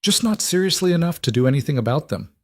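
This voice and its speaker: A man's voice: on the low side, expressive, normal speed, darkish tone, dry recording. A man playing a wry, protective single dad.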